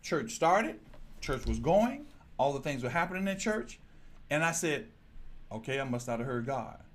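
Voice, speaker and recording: Lively preaching man, slightly high voice. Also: moderate pace. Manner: lively preaching, direct address to congregation. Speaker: pastor. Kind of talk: sermon. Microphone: handheld microphone.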